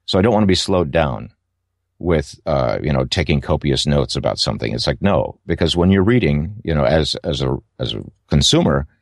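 Very deep-voiced man. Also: expressive, moderate pace, creaky, dry recording, studio quality. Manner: thoughtful, rambling with many restarts and fillers. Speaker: audiobook narrator. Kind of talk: interview answers.

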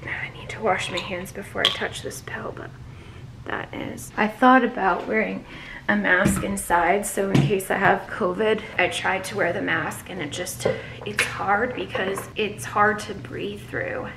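Sick woman vlogging in a gravelly half-whisper. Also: mid-range voice, steady tone, unhurried. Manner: soft-spoken, often dropping to a whisper. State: sick, with a runny nose and a sore chest. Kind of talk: casual personal vlog. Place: at home, indoors. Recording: noisy home recording.

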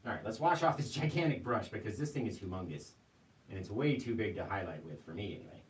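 A man's voice: fairly low pitch, quick pace. Brief: male painting instructor, chatty and easygoing, room echo, mic set back. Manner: relaxed, chatty, keeps asking "right?". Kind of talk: live painting tutorial. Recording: roomy sound, mic at a distance, faint noise.

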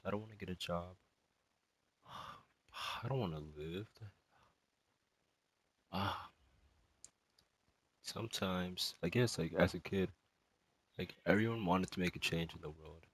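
A distraught young male student in an emotional spoken monologue, rambling and halting, with many sighs and fillers. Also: low-pitched, fairly bright tone, husky, no echo, rough recording.

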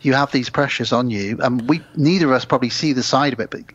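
A man's voice: medium pitch, fast talker, husky, no echo. A man co-hosting a podcast, casually recapping a film and acting out the characters' lines with gusto. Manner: animated retelling, acting out quoted lines. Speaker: podcast co-host. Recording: slightly dull lo-fi sound.

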